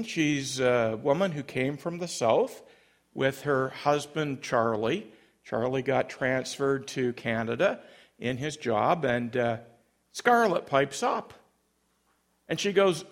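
A man preaching as a pastor, telling a story in an animated way and acting out voices. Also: medium pitch, a little slow, vocal fry. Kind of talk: sermon storytelling.

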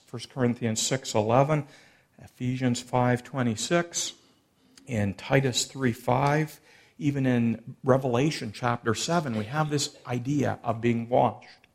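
A man's voice: mid-range voice, vocal fry. A man preaching a sermon, expounding a passage and acting out the quoted lines with shifting emphasis. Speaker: pastor.

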